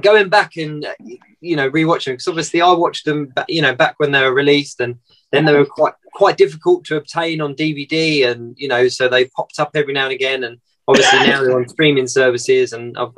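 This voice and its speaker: A man hosting an interview, speaking in a measured, thoughtful way with fillers. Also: medium pitch, steady tone, a bit bright, low-quality recording. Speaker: interviewer host. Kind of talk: casual interview.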